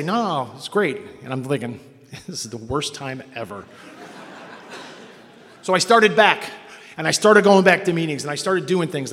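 A man's voice: fairly high pitch, a bit bright. A man from Cleveland telling his own recovery story to a meeting, wry and self-mocking, acting out the people he quotes. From Cleveland, Ohio. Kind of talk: personal story told to an audience. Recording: long reverb from a hall.

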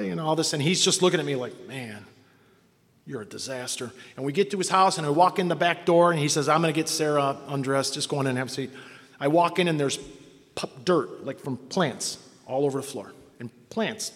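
A man's voice: a little high, a bit bright. Wry man telling his story in a hall. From Cleveland, Ohio. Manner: wry, self-mocking storyteller acting out quoted voices. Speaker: recovery meeting speaker. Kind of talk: personal story told to an audience. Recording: long reverb from a hall.

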